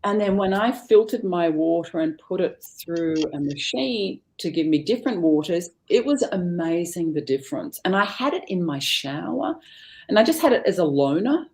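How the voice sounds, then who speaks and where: A woman's voice: fairly low pitch, moderate pace. A middle-aged woman, a guest on a live talk show, chatting casually and acting out family conversations as she tells them. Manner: animated storyteller, acts out family dialogue. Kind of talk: casual chat.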